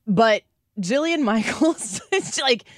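A woman hosts a talk show in a close, dry sound and reads news stories aloud with lively, opinionated commentary. Her voice sits a little high. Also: no room sound. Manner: animated, reads news aloud and acts out quotes. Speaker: radio show host.

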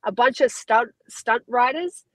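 A woman's voice: fairly high pitch, a little slow, no room sound, rough recording. An Australian woman in her thirties, a guest fighter chatting casually in an interview, rambling and upbeat.

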